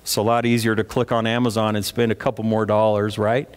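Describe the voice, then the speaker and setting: Conversational pastor in a reverberant church. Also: male voice, on the low side, flat delivery, brisk. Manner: conversational, asks the congregation questions. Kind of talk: sermon. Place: church sanctuary. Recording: long reverb of a church hall.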